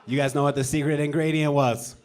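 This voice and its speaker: A man's voice: a little high, fairly even intonation, brisk, darkish tone, slight background noise, pitched below the performer's own voice, lightly acted. A man in a stand-up battle playing a cocky small-time criminal who brags with swaggering gangster-style patter and catchphrases, on a club stage with a handheld mic. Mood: boastful. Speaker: stand-up comedian. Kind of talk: stand-up comedy battle set.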